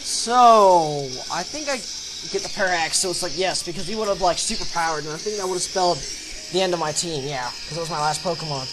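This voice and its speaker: A young man narrating his online game battles as a channel host, energetic and breaking into loud excited shouts. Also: fairly high pitch, brisk, poor audio. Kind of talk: excited battle commentary over gameplay video. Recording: voice-over with faint background music.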